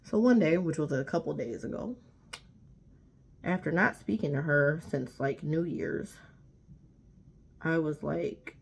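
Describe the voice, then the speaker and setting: Low-voiced woman venting in a storytime vlog. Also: a little slow, creaky, pauses often, breathy edge. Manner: emphatic, indignant, repetitive. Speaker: vlogger. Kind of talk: storytime rant to camera.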